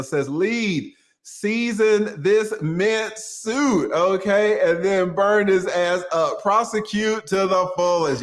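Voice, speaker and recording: A man hosting a livestream, joking and laughing often as he reads viewer super chats aloud in casual chat. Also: a little high.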